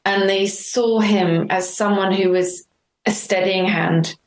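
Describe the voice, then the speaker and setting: A middle-aged woman being interviewed, telling her story earnestly and warmly, acting out remembered dialogue. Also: mid-range voice, steady tone, slow. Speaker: interview guest. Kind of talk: reflective conversational interview. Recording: roomy echo.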